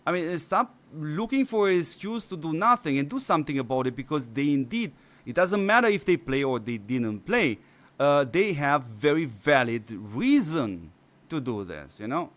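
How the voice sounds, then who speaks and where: A man's voice: fairly high pitch, big pitch swings, moderate pace, fairly bright tone. A male mobile strategy game streamer who is losing his voice, rambling with many fillers and restarts. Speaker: gaming channel host. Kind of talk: casual stream commentary.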